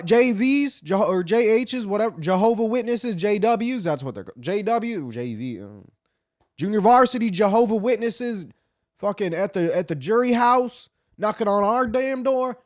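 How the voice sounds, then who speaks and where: A man's voice: high-pitched, no room sound, clean studio sound. A man retelling a story in casual commentary, swearing a lot and rambling with frequent restarts.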